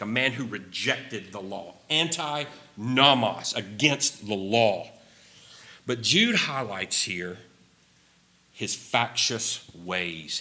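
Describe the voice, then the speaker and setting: A man's voice: mid-range voice, pushed and bright. A man preaching a sermon with emphasis, repeating key phrases and sometimes wandering off his notes. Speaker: pastor.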